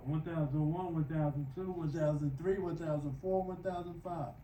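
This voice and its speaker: A man's voice: on the high side, fairly even intonation, normal speed, mellow, reverberant, far from the mic, slight background noise, low-quality recording. A man narrating his knee rehab workout in a casual vlog, counting reps aloud while straining with effort on the floor. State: exerting himself. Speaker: vlogger doing knee rehab exercises. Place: home room, lying on the floor.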